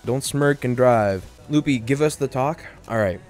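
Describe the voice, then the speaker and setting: A man's voice: mid-range voice, moderate pace, a little mellow, faint music behind. A young man streaming a game, cracking goofy jokes in rambling, filler-heavy casual chat. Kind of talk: casual live-stream commentary.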